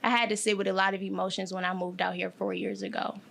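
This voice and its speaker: Young woman, bright and crisp tone, candid and emotional, halting with fillers. interview guest. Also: mid-range voice, level tone. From Detroit, USA. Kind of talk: personal interview.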